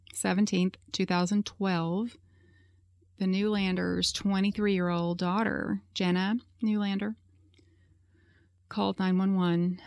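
A woman's voice: medium pitch, creaky, darkish tone, no echo. A woman hosting a podcast, telling a true-crime story in a casual, chatty way with lots of "you know" fillers. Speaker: podcast host.

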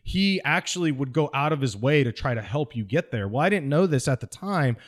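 A man from California, a military veteran guest on an interview podcast, telling his story in an animated way with frequent laughs. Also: medium pitch, a little fast. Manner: animated, acts out voices in anecdotes, laughs often.

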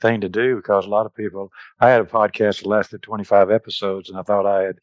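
A man speaking as an interview guest, halting and searching for words as he talks. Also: on the low side, little pitch movement, no room sound, muffled recording. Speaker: guest writer and book coach. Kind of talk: casual interview talk.

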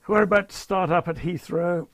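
A man's voice: high voice, fairly even intonation, normal speed, fairly bright tone, no room sound. An older man, a retired airline captain telling wry, understated stories in an interview. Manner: wry, understated, dryly amused. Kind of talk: anecdotal interview storytelling.

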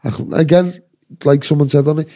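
Scouse podcast host, swears a lot, rambling rants, dark mellow voice. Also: male voice, on the high side, steady tone, fairly quick. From Liverpool, England. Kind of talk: casual chat.

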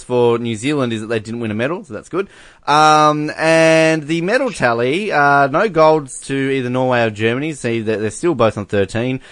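Male co-host, mid pitch, loose joking delivery, dry studio mic. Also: fairly bright tone, no echo. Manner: joking, rambling, with many fillers. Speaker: podcast co-host. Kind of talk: casual sports chat.

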